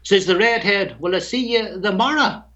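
A man's voice: sits high, moderate pace, pushed and bright, muffled recording. Northern Irish man reciting over the phone. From Tyrone, Northern Ireland. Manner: storytelling, chuckling between lines. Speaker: guest poet. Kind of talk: phone-in chat and rhymed poem recitation.

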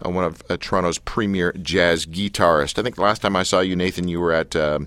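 A man hosting a radio show, chatting and joking with a studio guest in a teasing, quick manner. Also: deep voice, fairly even intonation, a bit bright, clear, resonant tone, dry recording. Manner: jokey, teasing, quick banter. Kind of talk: casual studio chat with a guest.

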